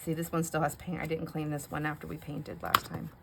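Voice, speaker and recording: A woman's voice: deep voice, animated, a little fast, creaky, heavy background noise. A middle-aged woman chatting casually while she crafts, rambling through a story with frequent "anyhow"s. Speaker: craft vlogger.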